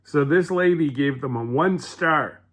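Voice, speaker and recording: A man's voice: fairly high pitch, unhurried. A man casually rambling through a home cooking vlog, chatty and full of fillers, restarts and asides.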